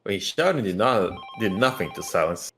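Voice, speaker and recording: A man's voice: fairly low pitch, expressive, normal speed, a bit bright. Guy reading out a story game, easygoing, voice goes up and down a lot. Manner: easygoing, jokey asides. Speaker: game reader and narrator. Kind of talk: casual game read-along narration.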